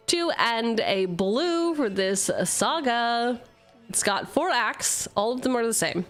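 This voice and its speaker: A woman's voice: fairly high pitch, expressive, a little slow, soft background music. A woman streamer in casual live-stream chatter, reading card text aloud and joking at her own expense, swearing freely. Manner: playful, self-mocking, swears freely, jumps between jokes and reading. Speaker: streamer opening card packs.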